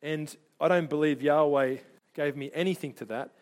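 A middle-aged man preaching a sermon, telling personal stories in an animated way and briefly doing voices for the people in them. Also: a little high. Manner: animated storyteller, doing quick voices for people in his anecdotes.

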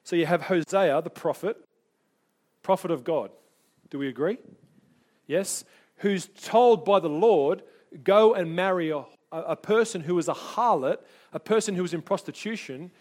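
A middle-aged man delivers a sermon full of personal stories, his fairly high voice rising and falling as he tells them. He recounts anecdotes with animation, briefly imitating the voices of the people involved.

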